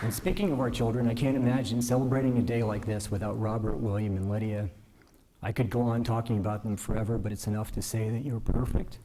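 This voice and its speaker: A man giving a measured, earnest formal speech at a ceremony, modest and self-deprecating. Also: lowish voice, level tone, background noise. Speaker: newly invested justice giving a speech. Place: ceremony hall.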